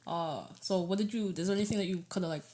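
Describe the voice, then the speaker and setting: A woman co-hosting a podcast, asking quick, curious questions in casual chat. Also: mid-range voice, mellow. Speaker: podcast co-host.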